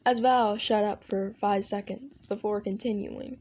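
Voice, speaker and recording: A woman's voice: medium pitch, fairly even intonation, measured pace, few pauses, darkish tone. A woman narrating a second-person fan audio story in a plain storytelling manner.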